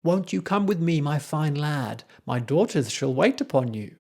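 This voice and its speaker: A man voicing a sinister, charming male forest spirit who coaxes a child slowly and sweetly. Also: a little high, animated, gravelly, warm tone. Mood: coaxing.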